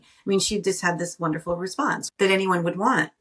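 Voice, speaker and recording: A woman co-hosts a podcast, telling animated stories in a casual chat and often restarting her sentences. Her voice is fairly low and fairly bright, moving at a normal speed with few pauses. She sounds distant, picked up off the mic.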